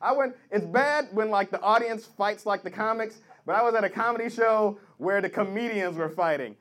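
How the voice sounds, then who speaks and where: A man performing a stand-up comedy set, loud and animated, shouting out the voices of characters in his bits. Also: high-pitched, moderate pace. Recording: live club set with loud audience laughter.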